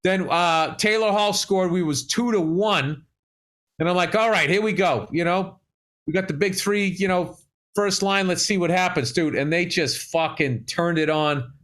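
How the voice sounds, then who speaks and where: Middle-aged man, podcast co-host, slightly high voice, animated and profane storyteller. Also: moderate pace. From Massachusetts. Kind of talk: casual chat.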